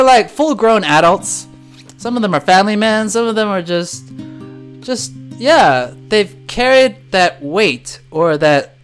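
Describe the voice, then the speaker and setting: A man's voice: high-pitched, smooth. A man hosting a casual livestream, reading comments and joking, laughing often as he talks. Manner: animated, laughs often, jokey. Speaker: livestream host and swim teacher.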